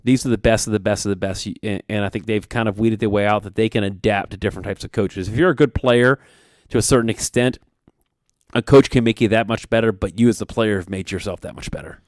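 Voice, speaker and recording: A man co-hosting a sports talk show on the radio, speaking earnestly and rambling with many fillers. His voice is on the low side and sits dry and close on a studio microphone. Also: steady tone, fast talker, a little mellow, no echo. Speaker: radio sports show co-host and soccer coach.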